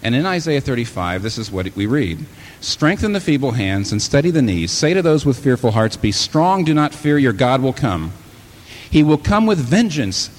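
A man preaching a sermon, who acts out imagined listeners and speaks as Jesus, building to exclamations. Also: mid-range voice.

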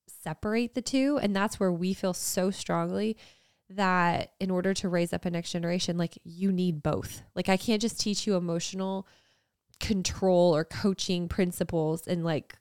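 Earnest low-voiced woman co-hosting a podcast. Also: a little mellow, clean tone, no room sound, clean studio sound. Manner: earnest, reflective, with frequent "like" fillers. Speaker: podcast co-host. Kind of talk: casual faith conversation.

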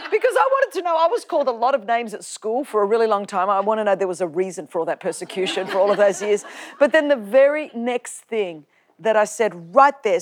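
A woman with an Australian accent giving a personal testimony talk, animated and humorous, acting out the lines she quotes. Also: lowish voice. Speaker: preacher.

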